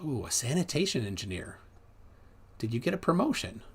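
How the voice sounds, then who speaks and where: A man's voice: mid-range voice, big pitch swings, a little fast, a little mellow, husky. A man hosting a livestream, chatting casually and reading viewer comments aloud in a loose, rambling way. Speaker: host.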